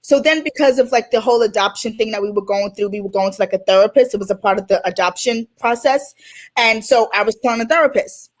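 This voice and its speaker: A woman from Queens, New York, a guest life coach telling animated stories in an interview and acting out the dialogue. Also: a little high, fast talker. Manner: animated, acts out quoted dialogue. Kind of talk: storytelling in an interview.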